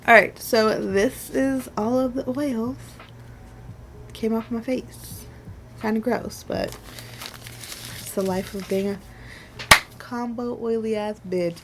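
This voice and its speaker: Young woman beauty vlogger, mid-pitched, loose and chatty, faint hiss behind. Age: 20s. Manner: chatty and rambling, many "like"s and soft laughs. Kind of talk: casual makeup wear-test chat.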